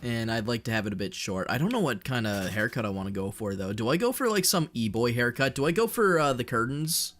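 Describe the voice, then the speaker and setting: A young Canadian man streaming, chatting casually with his chat in a fairly monotone voice, swearing and joking as he rambles. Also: medium pitch, fairly quick, few pauses. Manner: rambling, profane, jokey, reads and answers chat.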